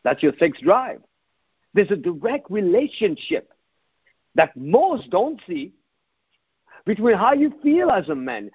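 A man coaching other men on dating, telling a story with lively, animated delivery, frequent restarts and occasional laughs. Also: sits high, slow pace, long pauses, breathy edge, no room sound, muffled recording. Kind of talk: motivational monologue.

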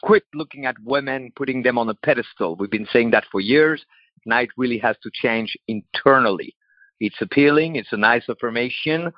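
Brief: emphatic male coach, mid pitch, dry dull recording. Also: moderate pace, dry recording. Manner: short emphatic coaching lines. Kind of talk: punchy advice talk.

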